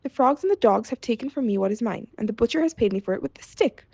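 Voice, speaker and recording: A woman voicing a stubborn, grumbling peasant man in a read-aloud fairy tale, blustering and exasperated, with a creaky edge. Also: on the high side, expressive, fast, a little mellow, no room sound, heavily acted.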